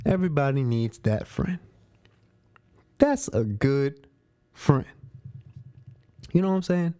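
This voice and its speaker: A man's voice: fairly high pitch, animated, slow pace, pauses often, warm tone, clear, resonant tone, no echo. A man hosting a movie review show, chatting casually about spoilers in slang, often repeating himself and restarting his sentences.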